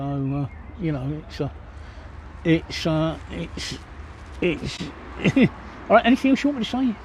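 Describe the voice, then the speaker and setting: A man's voice: fairly high pitch, warm tone, slight background noise. An older English man livestreaming from his phone outdoors by a pub, answering viewers' chat in a blunt, joking, matter-of-fact way. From England. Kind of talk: casual chat Q&A. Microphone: cell phone.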